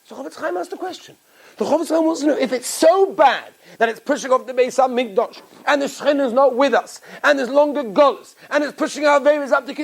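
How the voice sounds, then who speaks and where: A man, a rabbi, giving an animated Torah lecture, acting out little voices and laughing often. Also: very high voice, fast, vocal fry, slightly rough.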